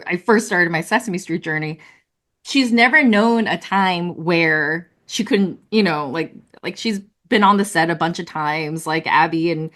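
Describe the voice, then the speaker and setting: Woman guest, video-call interview, animated storytelling, laughs often, mid-pitched voice. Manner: animated, laughing, many fillers. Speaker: puppeteer guest.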